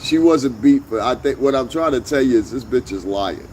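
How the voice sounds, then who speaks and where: Speaking at a normal speed in an animated, mid-range voice with a darkish tone, this man hosts a commentary vlog. He rants bluntly, swearing heavily and landing emphatic jabs, while slight background noise sits underneath.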